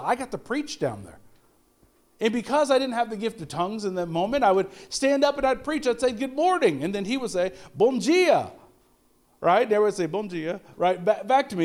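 A middle-aged man preaching a sermon as pastor, conversational, stammering on restarts and asking rhetorical questions. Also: sits high.

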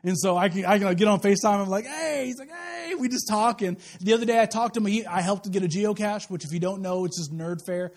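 A young adult man preaching a sermon in a conversational, animated way, acting out little asides for the congregation. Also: high voice, quick pace, few pauses. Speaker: pastor.

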